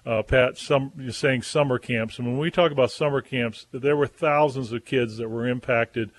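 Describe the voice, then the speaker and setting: A man's voice: medium pitch, moderate pace. A male radio host asking long, enthusiastic questions in an interview.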